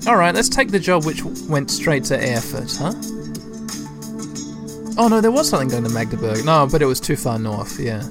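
A man's voice: mid-range voice, animated, normal speed, music in the background. A man giving casual gameplay commentary as a let's-play host, chatty and thinking aloud as he talks to his listeners.

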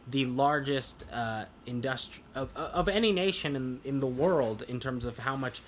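A man's voice: mid-range voice, expressive, normal speed, a little hiss or hum. A young man co-hosting a podcast, talking in an earnest, explanatory way and often restarting his sentences. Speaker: podcast co-host. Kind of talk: casual chat.

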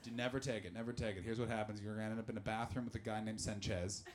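A man doing stand-up comedy and chatting with the crowd. His delivery is animated and full of swearing, and he swings between shouting and muttering. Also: on the low side, rapid-fire, heavy background noise. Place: live comedy venue with audience.

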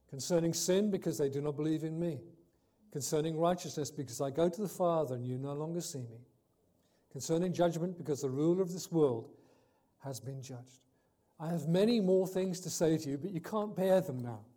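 Male preacher, higher-pitched mellow voice, emphatic sermon delivery with loud and soft swings. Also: expressive, a little fast. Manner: reads scripture aloud, corrects himself.

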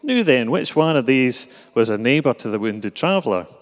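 A man's voice: medium pitch, big pitch swings, normal speed, lightly acted. A man doing a homely Glaswegian Jesus. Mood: friendly. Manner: broad, homely storytelling. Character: Jesus as a plain-spoken Glasgow man. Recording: reverberant hall.

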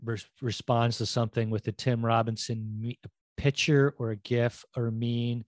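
A middle-aged man co-hosting a podcast in casual chat, telling stories in a rambling, animated way and acting out quotes. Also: medium pitch, moderate pace, no room sound. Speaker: podcast co-host.

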